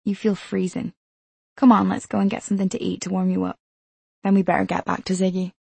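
The easygoing young husband in a spoken story, voiced by a woman reading it, with a casual, reassuring, slightly halting manner. The voice sits low and gravelly with a husky, mellow tone. The sound is dry and close. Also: level tone, no room sound.

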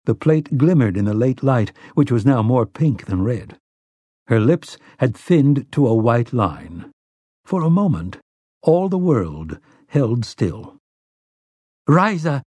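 A man narrating an audiobook in a measured, steady storytelling manner. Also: mid-range voice, breathy edge, no echo. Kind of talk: scripted narration.

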